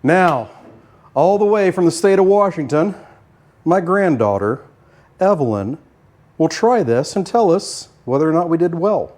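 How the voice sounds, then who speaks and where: A man's voice: fairly high pitch, expressive, unhurried, a little mellow. An older man hosting a home cooking show, talking casually and folksily with frequent filler words.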